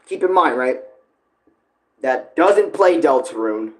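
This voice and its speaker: A man's voice: mid-range voice, animated, takes it slowly. A man talking casually about making his song, rambling with lots of fillers and swearing. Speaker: music creator vlogging.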